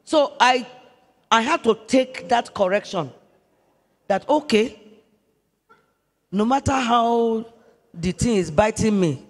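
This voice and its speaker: A woman's voice: fairly high pitch, animated, takes it slowly, long pauses, in a large hall. A woman pastor with a Nigerian accent telling a story in a sermon, repeating phrases for emphasis.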